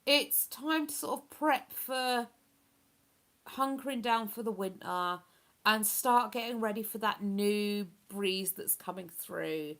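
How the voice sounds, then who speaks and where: A woman's voice: medium pitch, takes it slowly, a bit bright. A woman with a chatty, rambling manner, hosting a casual live stream and reading out viewer comments. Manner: chatty, rambling, with many fillers.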